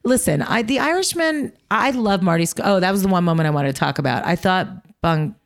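A woman co-hosting a casual chat about film awards, animated and quick with asides, laughing often. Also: medium pitch. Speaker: podcast co-host.

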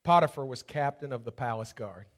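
A man's voice: medium pitch, animated, a little fast. A man preaching a sermon, telling a personal story and building to fervent preaching. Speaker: pastor.

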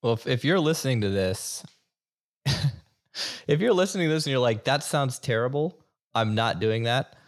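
A man's voice: medium pitch, expressive, moderate pace, pauses often. A man in casual podcast chat, joking bluntly and laughing along.

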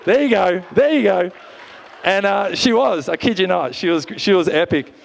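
A man, preaching a sermon from a church stage with lively energy, often urging "come on.". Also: high voice, normal speed, creaky. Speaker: pastor.

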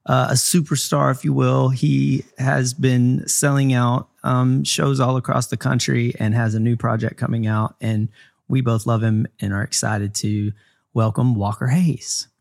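Gravelly-voiced man co-hosting a podcast. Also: medium pitch, little pitch movement, measured pace, darkish tone. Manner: playful, teasing. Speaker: podcast co-host. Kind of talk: casual chat.

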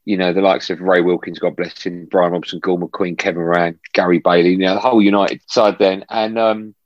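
A man's voice: low-pitched, a little fast, no echo, muffled recording. A man, a football broadcaster, chatting as a guest on a remote call from a room at home and telling stories with lots of restarts. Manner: animated storyteller, frequent restarts. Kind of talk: casual chat.

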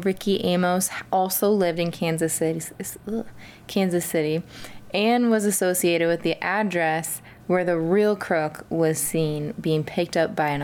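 A woman's voice: lowish voice, smooth. A woman hosting a casual true-crime podcast, swearing freely and acting out the people in her stories. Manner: profane, animated storytelling, acts out quoted people. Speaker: podcast host.

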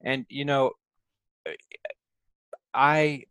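A man telling a story at mid pitch on a dry, close recording. He rambles and restarts his sentences as he talks. Later he slows into reflective remarks. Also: level tone, fairly bright tone, clean tone, no echo, low-quality recording. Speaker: podcast guest. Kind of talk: casual storytelling.

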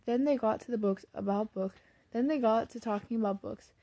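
A woman reading a classic novel aloud in plain, steady storybook narration, now and then correcting a slipped word. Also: fairly high pitch, a little fast, dry recording. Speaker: audiobook reader.

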